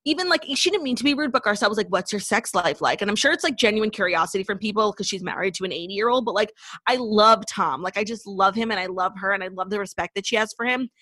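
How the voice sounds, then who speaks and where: A woman's voice: mid-range voice, bright, forceful tone, no echo, studio quality. A young woman co-hosting a podcast, chatting casually and gushing with a profane edge. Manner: gushing, profane, fast recaps of reality TV. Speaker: podcast co-host. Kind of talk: casual chat.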